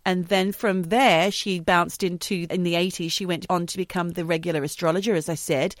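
A woman's voice: on the low side, steady tone, fairly quick, dry recording. A woman co-hosting a podcast, chatting casually, telling stories and teasing her co-host dryly. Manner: chatty storyteller, dry teasing. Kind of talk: casual chat.

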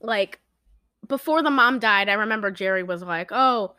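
A woman co-hosting a podcast, casually retelling a movie with animated storytelling and lots of fillers. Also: mid-range voice, normal speed, smooth, dry recording, studio quality. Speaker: podcast co-host. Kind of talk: casual movie recap chat.

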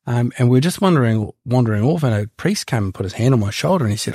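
A man's voice: medium pitch, sing-song, quick pace, gravelly, dark tone, slightly rough, no echo, clean studio sound. Laid-back New Zealand man telling stories. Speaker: guest. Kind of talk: casual storytelling.

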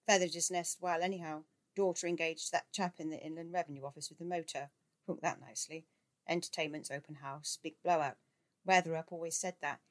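Low-voiced woman reading a novel. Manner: expressive, shifts into voices for characters. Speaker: audiobook reader. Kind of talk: literary reading with character voices.

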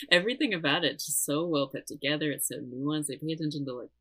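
A woman's voice: low voice, brisk, a crowd in the background, low-quality recording. A young woman in casual podcast chat about a movie, laughing often and acting out lines she quotes. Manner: giggly, animated, quotes lines in acted voices.

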